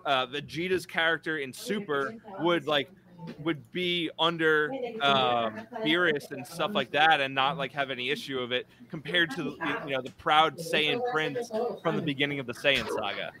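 A man in a casual chat on a live stream, talking in an animated way, full of "like" and the odd swear word. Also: a little high, normal speed, crowd noise. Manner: animated, heavy use of "like", swears.

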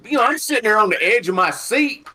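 A man tells stories in casual podcast chat. His voice sits slightly high, and he delivers his stories with folksy animation. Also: lively intonation, fast talker, pushed and bright, husky. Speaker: podcast co-host.

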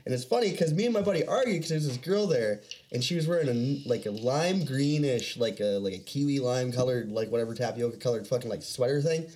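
A man's voice: medium pitch, expressive, quick pace, dark tone. A young man telling rambling, profane stories in casual chat, laughing often.

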